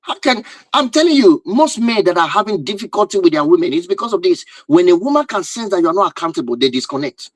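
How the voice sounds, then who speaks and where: Man, relationship teacher, emphatic lecturing, repeats points, rhetorical questions, higher-pitched voice, dry close sound. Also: expressive, fast, few pauses, no room sound, poor audio. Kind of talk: lecture-style talk to viewers.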